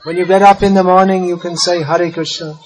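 A man's voice: high voice, level tone, brisk, poor audio. A man giving a talk on spiritual philosophy and patiently leading listeners in a call-and-response chant. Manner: patient, inviting, repeats words for a crowd. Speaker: devotional teacher.

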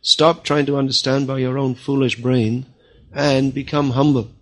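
A man giving a spiritual lecture at an ordinary, mid-range pitch. He speaks firmly and scolds his listeners. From time to time he mimics the people he criticizes. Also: level tone, moderate pace. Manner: firm, scolding, quotes others in mock voices. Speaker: spiritual teacher. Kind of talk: religious lecture.

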